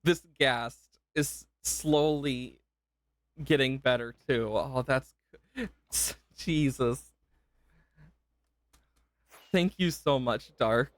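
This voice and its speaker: A man's voice: mid-range voice, slow pace, dry recording. A young man livestreaming a game, emotional and gushing, rambling with self-interruptions and repeated thanks. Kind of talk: live gameplay stream chat.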